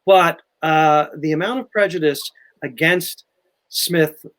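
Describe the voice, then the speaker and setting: An older man chatting as a historian guest, telling history stories in a lively, animated way. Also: a little high, takes it slowly. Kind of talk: casual history chat.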